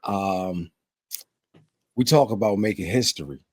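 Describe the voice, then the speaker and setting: Male podcast host, low voice, laid-back and stammering. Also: measured pace, darkish tone, husky, dry recording. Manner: casual, stammering with repeated words. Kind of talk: casual interview.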